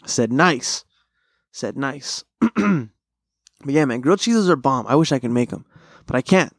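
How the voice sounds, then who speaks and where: A young podcast host with a very animated, mid-range voice speaks at normal speed in a solo monologue, telling rambling food stories full of profanity and slang. He's on a close studio mic with clean sound and no echo.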